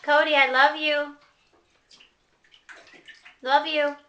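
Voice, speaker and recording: A woman's voice: high voice, little pitch movement, drawn-out words, highs cut off. A mother in a home video, coaxing and encouraging her toddler at bath time in a sing-song way. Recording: noisy home video with water splashing. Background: running bath water.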